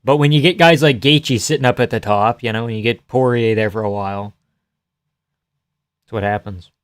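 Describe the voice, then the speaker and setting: A man's voice: medium pitch, moderate pace, smooth, dry recording. A man streaming live, chatting casually and joking through a fight watch-along, reading chat aloud and swearing freely.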